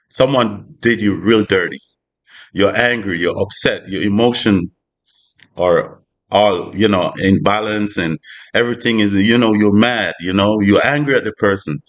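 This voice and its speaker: Low-voiced man in a casual spiritual talk. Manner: loose and conversational, full of "you know" asides. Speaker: spiritual vlogger.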